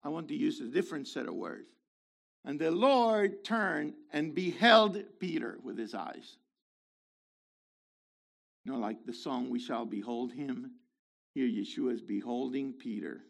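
A man preaching a sermon in an animated way, swinging between loud emphasis and quiet asides, with playful remarks along the way. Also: medium pitch, unhurried, vocal fry, pauses often.

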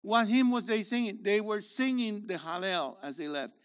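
Animated high-voiced male preacher. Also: normal speed, clean tone. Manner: animated and conversational, swinging from loud to quiet. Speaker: pastor. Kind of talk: sermon.

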